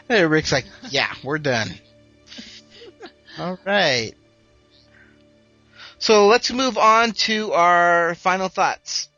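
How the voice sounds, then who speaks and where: A man hosting a podcast in casual chat, easygoing and quick to laugh, with light hesitations. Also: high voice, expressive, bright, forceful tone. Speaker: podcast host. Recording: slightly dull, dry sound, faint music.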